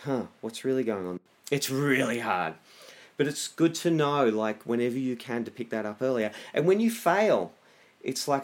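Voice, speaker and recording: A middle-aged man giving casual wellness advice, lively, often acting out inner voices. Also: medium pitch, moderate pace. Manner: animated, acts out inner voices.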